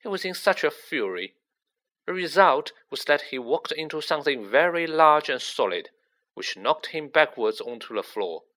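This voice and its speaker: A man narrates a storybook with expressive, measured pacing. His voice is bright and clear, and his pitch moves in a lively way through every sentence. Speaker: audiobook narrator.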